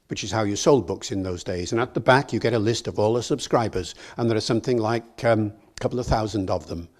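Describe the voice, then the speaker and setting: Older man giving a lecture. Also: lowish voice. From Wales. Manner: lively, anecdotal, chuckling. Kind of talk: public lecture. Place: lecture hall.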